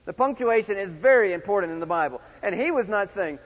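A high-voiced middle-aged man preaches with big dynamic swings, booming one moment and dropping to near-quiet the next. His voice rings through a large church with long reverb, and the recording is slightly dull and muffled. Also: expressive, quick pace. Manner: dynamic preaching, swings from loud shouts to hushed tones. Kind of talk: sermon.

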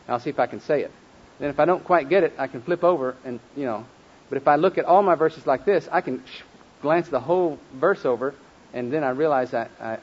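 A man teaching a group how to memorize Bible verses, leading call-and-response drills and slowing down to stress each word, with folksy asides. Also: a little high, slightly rough, lo-fi sound. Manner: leads call-and-response drills, slows and stresses words when reciting.

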